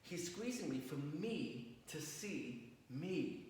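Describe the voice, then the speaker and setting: Rabbi lecturing a class, fairly high voice, heard from across a very echoey hall. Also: male voice, very animated, slow pace, a little mellow. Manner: storytelling, asks the audience questions. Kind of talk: Torah lecture to an audience. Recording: roomy distant recording with faint noise.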